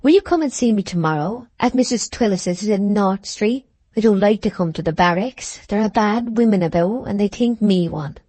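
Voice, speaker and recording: A woman's voice: medium pitch, moderate pace, dark tone, no room sound, close to an everyday voice. A woman voicing a timid young woman in an audiobook, speaking in a tremulous, faltering, pleading way. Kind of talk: audiobook character reading.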